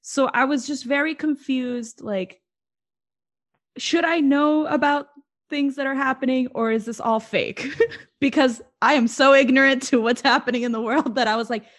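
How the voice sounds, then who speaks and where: A woman with a slightly high voice tells a rambling, giggly story in casual chat. She laughs often as she talks, and her pitch jumps as she gets caught up in it. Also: steady tone, normal speed.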